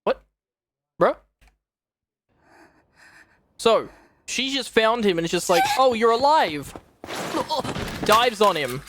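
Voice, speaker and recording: A woman's voice: medium pitch, slow pace, pauses often, no room sound, clean studio sound. A young woman streaming, giving casual, profane and exasperated reaction commentary on a show. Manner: exasperated, profane, animated retelling.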